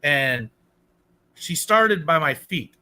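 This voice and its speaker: A man in casual chat, telling exaggerated anecdotes in an animated, emphatic way. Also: on the high side, takes it slowly.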